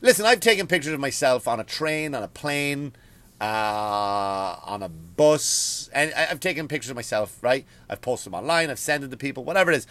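Profane Irish comedian ranting at home. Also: male voice, medium pitch, normal speed. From Ireland. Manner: profane, animated storytelling. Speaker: comedian and podcast host. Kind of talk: comedic rant.

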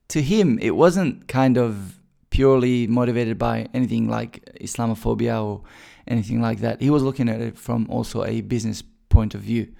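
Man, very gravelly and mellow, casual storyteller, fillers and restarts. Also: medium pitch. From Bosnia. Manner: chatty, many fillers and restarts. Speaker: recruiter telling his career story.

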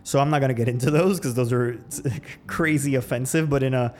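A man's voice: mid-range voice, brisk, a little mellow, a little hiss or hum. A man hosting a podcast, telling a personal story in a loose, reflective way, full of restarts. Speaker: podcast host. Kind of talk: casual storytelling.

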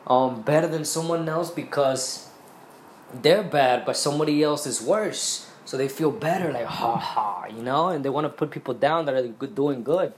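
A man's voice: fairly high pitch, moderate pace, reverberant, slight background noise. A man hosting a podcast, talking about his spiritual outlook in a rambling, earnest way full of restarts. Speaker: podcast host. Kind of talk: casual spiritual monologue.

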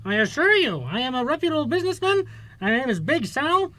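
A smooth-talking businessman schemer, overly polite and persuasive, swinging his tone up and down as he vouches for his friends, as a man plays him in a tabletop game. Nothing about the voice is forced or exaggerated. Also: very high-pitched, sing-song, a little fast, sharp tone, dry recording, exaggerated voice, rough recording.

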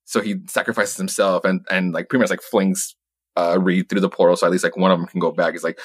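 In a low, breathy voice that barely changes pitch, a young man talks fast as he co-hosts a podcast. He gives a rambling, profane comic book recap, laughing often and quoting characters as he goes. The recording is dry.

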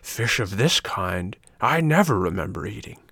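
A man voicing a huge, greedy, green lizard-like ogre fisherman in a storybook reading, drawing out his words slowly as he gloats. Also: lowish voice, big pitch swings, creaky, bright, forceful tone, slightly rough, dry recording, full character voice. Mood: mock courteous. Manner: slow, drawn-out, gloating and relishing.

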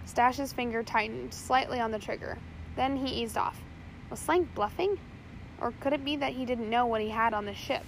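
A woman's voice: a little high, fairly even intonation, normal speed, slight background noise, low-quality recording. A woman narrating a chapter of a storybook aloud, reading steadily with small slips. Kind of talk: audiobook reading.

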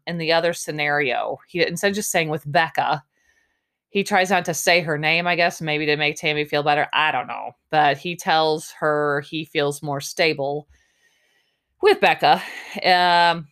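A woman's voice: deep voice, a bit bright, clean tone. A young woman hosting a podcast, giving a chatty, snarky recap of a reality show. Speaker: podcast host.

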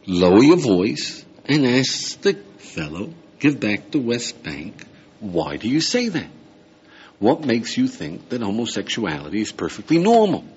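A rabbi giving an animated lecture to a live class, often checking in with "yeah?" and "right?". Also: male voice, medium pitch, breathy edge. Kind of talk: lively lecture with audience questions. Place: lecture room with a live audience. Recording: muffled older lecture tape with faint hiss.

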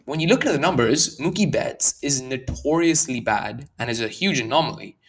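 A man's voice: mid-range voice, slight background noise. Worked-up man breaking down baseball stats. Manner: animated, worked up, stresses numbers; restarts sentences, fast and slow bursts. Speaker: baseball analyst. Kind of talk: casual sports commentary.

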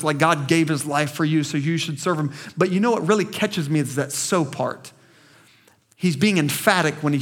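A man with a notably high voice preaches with fervor from the pulpit of a small church. He talks emphatically, stumbles over repeated words as he pushes his point, and keeps calling on the congregation to respond. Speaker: pastor. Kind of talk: sermon.

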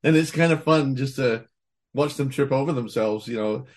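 A man's voice: medium pitch, moderate pace. A man, a voice actor being interviewed, talks in a rambling, casual way with many restarts and frequent laughter. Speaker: voice actor guest.

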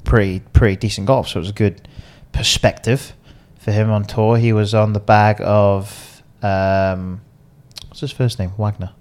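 A man co-hosting a podcast, telling stories in a casual chat and acting out the people in them. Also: fairly low pitch. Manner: animated storyteller, quick laughs, acts out quotes. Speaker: podcast co-host and caddie.

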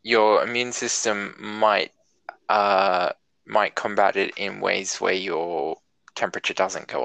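Gravelly Australian man, deadpan banter. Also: low-pitched, slow, no room sound, rough recording. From rural New South Wales, Australia. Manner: deadpan mock-boastful banter. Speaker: podcast guest. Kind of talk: casual chat.

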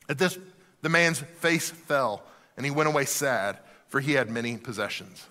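A male pastor preaching a sermon in a church, animated and shifting down to soft emphasis. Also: mid-range voice, moderate pace. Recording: reverberant hall.

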